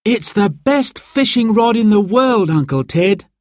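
Storybook boy of eleven, over the moon, raised high voice, read by a man. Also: measured pace, dry recording, clean studio sound. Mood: excited. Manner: eager, breathless with excitement. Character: excited eleven-year-old boy.

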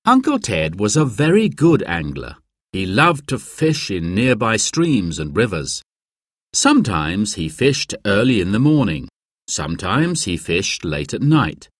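A man reading a children's book aloud, slow and expressive. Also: lowish voice, breathy edge, no echo, studio quality. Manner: slow, expressive, storyteller's lilt. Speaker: narrator.

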